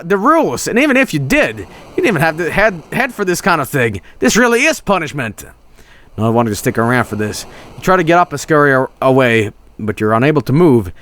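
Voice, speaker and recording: A man's voice: a little high, fairly bright tone. Joking man streaming. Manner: loose, joking, restarts and swears. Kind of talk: reading a text adventure game aloud with casual commentary.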